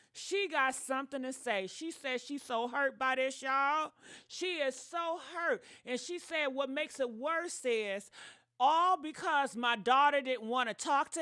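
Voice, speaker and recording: Sassy high-voiced woman streamer. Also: dry recording, clean studio sound. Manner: animated, sassy, talks straight to viewers. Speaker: commentary channel host. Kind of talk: casual livestream commentary.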